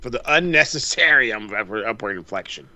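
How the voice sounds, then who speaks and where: A man co-hosting a podcast, chatting casually with a profane, animated ranting manner. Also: fairly low pitch, brisk, dry recording. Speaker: podcast co-host. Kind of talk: casual chat.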